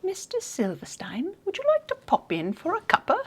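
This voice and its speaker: A woman's voice: very high voice, wildly swooping pitch, normal speed, heavy background noise, pitched above the performer's own voice, exaggerated voice. A woman putting on a prim British tea-party lady, with a put-on British accent in an exaggerated, singsong genteel lilt. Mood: mock-genteel.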